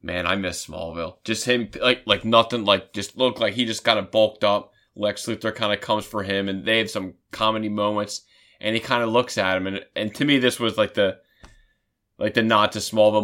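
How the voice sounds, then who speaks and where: A man co-hosting a casual chat, rambling and restarting often as an excited fan. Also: fairly low pitch, brisk. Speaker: podcast co-host.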